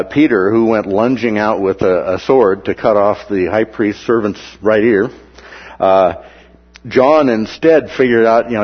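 A man's voice: on the low side, slightly rough, long reverb tail, lo-fi sound. A man teaching through a Bible passage in a conversational way, with many "uh" and "right?" asides, sometimes acting out the quoted voices.

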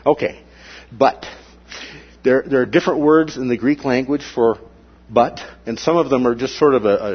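A man with a husky, slightly breathy voice teaches a Bible lesson in an animated way. He keeps asking his listeners "okay?" to check they follow. The recording is dull and lo-fi, with little top end. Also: medium pitch.

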